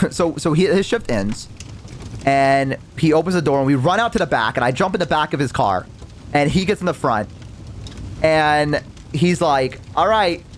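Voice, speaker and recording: A young man spins a casual story in a fairly high voice that leaps all over the place. He acts out every character with exaggerated voices, swears freely and leans on fillers like "like" and "right?". It sounds like a relaxed storytime stream. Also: normal speed, a little hiss or hum. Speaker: VTuber storyteller.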